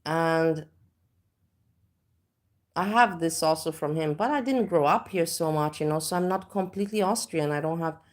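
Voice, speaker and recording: A woman's voice: low-pitched, moderate pace, pauses often. A woman chatting on a livestream, rambling with many restarts and filler words. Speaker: livestream host. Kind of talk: casual livestream chat.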